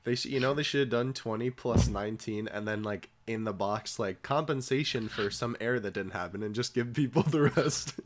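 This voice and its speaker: A man's voice: medium pitch, a little fast, hardly any pauses, a little hiss or hum. A young man co-hosting a casual gaming podcast, laughing often and trailing off with fillers. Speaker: podcast co-host.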